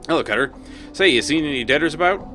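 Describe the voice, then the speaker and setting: A man's voice: a little high, animated, quick pace, bright, forceful tone, faint music behind, voice pushed up. A man doing a breezy, slangy corpse collector. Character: upbeat ragged male corpse collector, friendly.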